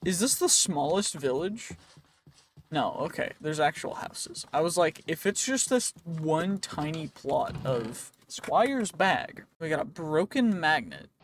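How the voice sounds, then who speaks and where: A man's voice: fairly high pitch, big pitch swings, slow pace. A man giving casual, rambling gameplay commentary, joking and talking to game characters, his voice wearing out. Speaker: gaming video creator.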